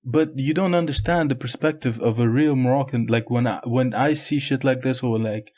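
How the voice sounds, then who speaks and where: A young man co-hosting a podcast, talking in a relaxed, agreeable way with casual swearing. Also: medium pitch, moderate pace. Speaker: podcast co-host. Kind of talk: casual chat.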